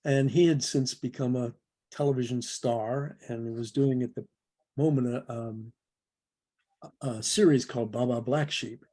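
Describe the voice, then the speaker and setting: An older man recalls a casting story as an interview guest, winding through his tale with chuckles and self-corrections. His voice is warm and mellow. He is heard over a video call. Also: mid-range voice, steady tone, measured pace. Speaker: guest, producer.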